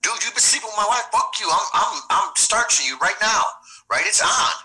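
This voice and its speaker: Guy doing a raging jealous husband, way higher pitched, cussing and threatening. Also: lively intonation, fast, husky, full character voice. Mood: enraged. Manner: shouting, profane, threatening. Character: enraged man confronting his wife's lover.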